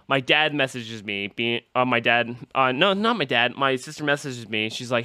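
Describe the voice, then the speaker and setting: Male podcast host, bright forceful voice, rambling anecdotal delivery. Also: mid-range voice, animated, a little fast, hardly any pauses, clean tone, dry recording. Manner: rambling storytelling, acts out quotes. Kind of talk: casual podcast chat.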